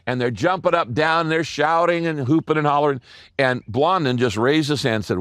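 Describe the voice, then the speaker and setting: An older man, a pastor preaching a sermon, telling stories and repeating key lines slowly for emphasis. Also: a little high, fairly bright tone, clear, resonant tone, no room sound, clean studio sound.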